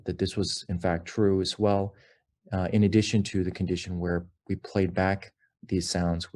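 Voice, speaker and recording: A man presenting research findings in a measured academic lecture, explaining slides with frequent pauses and fillers. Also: deep voice, warm tone.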